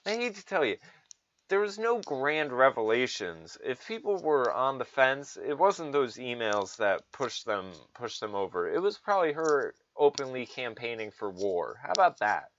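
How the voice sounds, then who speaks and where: Man, ranting commentary, sarcastic, profane, lively pitch, muffled lo-fi audio. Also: moderate pace. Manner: sarcastic, profane, mocking voices. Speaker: political commentator.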